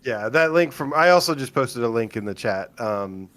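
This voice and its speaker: A man's voice: mid-range voice, animated, normal speed, a bit bright. A man co-hosting a casual livestream, laid-back, laughing often and filling gaps with 'like' and 'um'. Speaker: podcast co-host.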